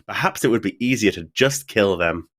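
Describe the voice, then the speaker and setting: A man's voice: lowish voice, animated, brisk, a bit bright. A man reading the part of an earnest male adventurer in a game, in plain, formal quest dialogue.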